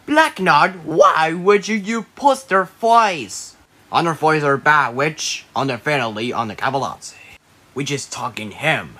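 A bright, squabbling cartoon guy. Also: on the high side, unhurried, heavily acted. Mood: bickering. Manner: animated, squabbling. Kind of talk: cartoon voice acting.

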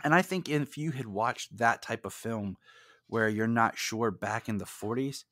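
A man's voice: mid-range voice, unhurried, fairly bright tone, no echo, studio quality. A man appearing as a podcast guest and film expert, talking in a rambling way with many restarts. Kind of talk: casual film discussion podcast.

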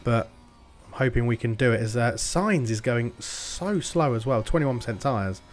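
Male gaming host, excitable play-by-play, swears and shouts at the screen. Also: mid-range voice, normal speed, a little hiss or hum. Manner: excitable, swears and yells at the game. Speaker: gaming YouTuber. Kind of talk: game commentary.

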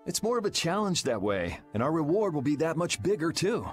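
A man's voice: a little high, very animated, fairly quick, faint music behind. An actor playing a sardonic young swordsman in a video game, dry and blunt. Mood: encouraging.

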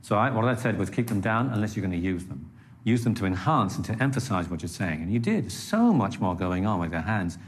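A man's voice: fairly low pitch, very animated, a little fast. A man giving a one-on-one presentation coaching session with patient, encouraging instructions.

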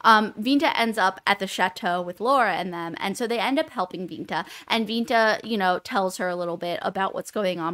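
A woman co-hosting a book podcast, recapping the plot in a rambling, animated way with lots of fillers. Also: medium pitch. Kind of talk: casual book discussion.

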